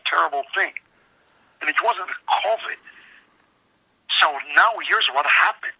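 Man, scratchy gravelly voice, very bright tone, earnest storytelling, interview guest. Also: fairly high pitch. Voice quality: slightly scratchy voice. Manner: earnest, emphatic, with repeated restarts. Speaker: author and guest.

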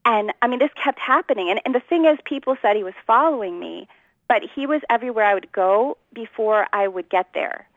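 A woman's voice: fairly high pitch, lively intonation, fairly quick, no room sound, phone-quality sound. A woman earnestly telling her personal testimony in a conversation, acting out the voices of people in her story. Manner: earnest storytelling, acts out quotes, laughs often.

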